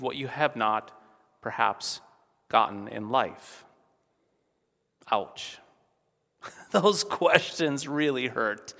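A pastor reads scripture and preaches in a slightly high male voice. He stresses points by growing louder, then drops back down. His voice carries the long reverb of a church. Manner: emphatic, varies volume for effect. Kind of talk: sermon.

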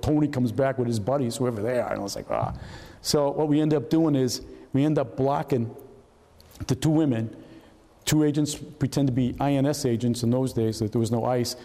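A man's voice: medium pitch, fairly quick. An older man, telling anecdotes from his career to an audience and acting out the voices of people in them. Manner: animated, acts out voices of people in his story. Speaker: retired FBI agent telling stories. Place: hall at a historical society talk. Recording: long reverb of a hall.

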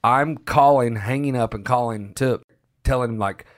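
A man at a middle pitch tells a story to friends in a loose, rambling way. He restarts sentences, swears casually and quotes what others said. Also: a little slow. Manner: rambling, restarts, swears and laughs while telling.

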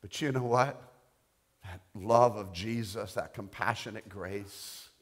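A middle-aged male pastor preaching a sermon, telling a testimony softly and rising to loud, impassioned declarations. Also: fairly low pitch, takes it slowly. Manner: quiet storytelling building to loud, impassioned declarations.

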